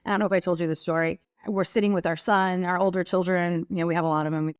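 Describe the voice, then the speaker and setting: A middle-aged woman, a guest on a talk show, telling personal stories in an animated way and acting out what people said. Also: lowish voice, fast, smooth, dry recording, clean studio sound. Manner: animated, acts out quoted voices. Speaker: guest, women's group leader. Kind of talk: conversational storytelling.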